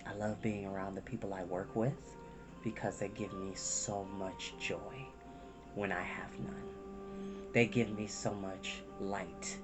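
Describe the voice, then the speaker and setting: A man speaks slowly and gently to his viewers in a low, soft voice, close to tears and pausing often. Music plays clearly in the background. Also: fairly even intonation. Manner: soft-spoken, emotional, pauses often. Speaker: storytime reader. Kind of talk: candid personal talk to viewers.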